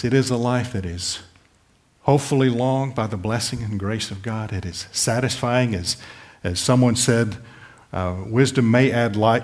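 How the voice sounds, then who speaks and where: A man preaching a sermon, earnestly pleading with listeners and restating scripture in plain words. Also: medium pitch. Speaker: pastor.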